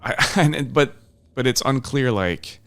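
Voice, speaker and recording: A man's voice: medium pitch, animated, measured pace, fairly bright tone. A man co-hosting a film review podcast in casual chat, laid-back and frank, often chuckling between his points. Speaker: podcast co-host.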